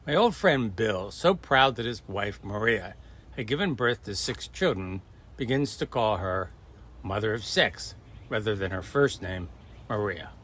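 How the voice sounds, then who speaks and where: A man telling jokes as short stories, acting out the characters' lines in a lively way. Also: on the low side, a little slow. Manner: animated, acts out the quoted voices. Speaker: joke teller. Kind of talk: storytelling jokes.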